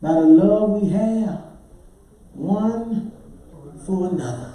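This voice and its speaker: A man, a pastor, preaching a sermon with lively voices for his congregants, breaking into shouts and sung phrases. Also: sits high, slow. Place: church sanctuary. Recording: echoey church heard from far off.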